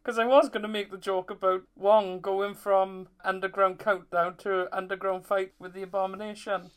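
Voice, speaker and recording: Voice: mid-range voice, little pitch movement, normal speed. A podcast co-host in casual chat, chiming in with jokes and references.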